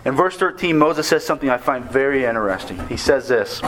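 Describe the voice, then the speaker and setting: A man preaching a sermon on a scripture passage, earnest and measured, slowing down to stress key words. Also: medium pitch, expressive, a bit bright, poor audio.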